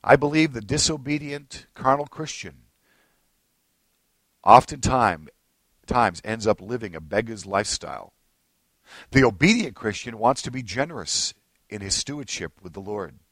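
A man preaching a sermon as pastor, animated, swinging between low asides and high excited bursts and acting out little scenes. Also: moderate pace, pauses often, dry recording.

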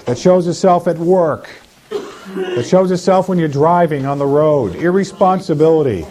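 A man's voice: a little high, animated, moderate pace, dark tone. A man leading a deliverance prayer, commanding spirits to come out and mimicking the voices of sinners in between. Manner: commanding, repetitive, slips into mocking voices of sinners. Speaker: deliverance minister.

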